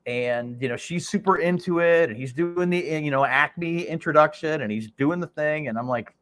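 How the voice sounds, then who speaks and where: An animated male podcast guest caught up in a story, his somewhat high voice rising and tumbling as he laughs and acts out the other people's voices. He talks in quick, excited bursts.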